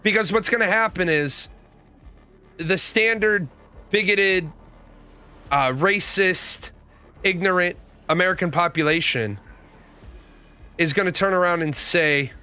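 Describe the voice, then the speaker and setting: A man's voice: high-pitched, unhurried, pauses often, sharp tone, clean tone, soft background music. A middle-aged man giving blunt, profane opinions in casual commentary, answering his viewers' comments as a show host. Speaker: podcast host.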